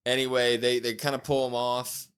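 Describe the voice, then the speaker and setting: A clean-toned male voice of medium pitch, moving at an even pace. As one of the co-hosts on a relaxed wrestling podcast, he walks through the show in a lively retelling, voicing what the wrestlers said.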